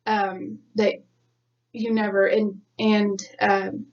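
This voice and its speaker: A woman's voice: medium pitch, little pitch movement, slow pace. A woman co-hosting a podcast in a rambling casual chat, laughing often. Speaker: podcast co-host. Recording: dull lo-fi sound from a distance.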